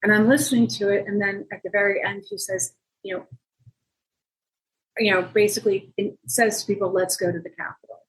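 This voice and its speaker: A journalist being interviewed, telling a story in a conversational way and acting out the quoted dialogue with sudden jumps in pitch. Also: female voice, steady tone, brisk, low-quality recording. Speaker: journalist guest.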